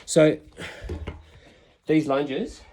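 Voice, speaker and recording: A man's voice: a little high, fairly even intonation, very slow, very noisy. A man in his fifties talking casually while doing a leg workout, encouraging viewers and counting reps aloud as he exerts himself. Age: 50s. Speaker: fitness vlogger. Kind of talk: casual workout talk-along. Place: home workout space, indoors.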